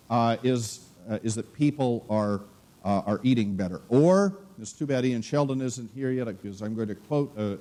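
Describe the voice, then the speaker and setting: Halting professor with a mellow voice. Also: male voice, medium pitch. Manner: halting, many uh fillers and restarts. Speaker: economics professor. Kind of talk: conference lecture. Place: conference room.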